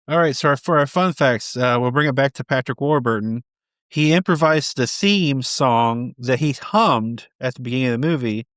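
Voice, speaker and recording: A man co-hosting a casual movie review chat, lively and quick to laugh at favorite lines. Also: mid-range voice, dry recording, clean studio sound. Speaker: co-host of a movie review show.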